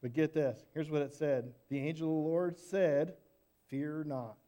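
A man telling a Bible story to children in church, casual and animated, often asking questions. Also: fairly high pitch, normal speed.

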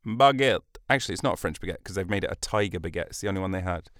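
A man's voice: sits low, steady tone, rapid-fire, a bit bright, no room sound, studio quality. A man hosting a comedy podcast, rambling through a solo monologue, cutting himself off and swearing as he goes. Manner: meandering, self-interrupting, sweary. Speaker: podcast host.

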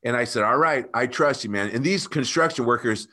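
A man guest telling an emotional personal story, earnest and animated, often calling the host by name. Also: medium pitch, brisk. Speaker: podcast guest.

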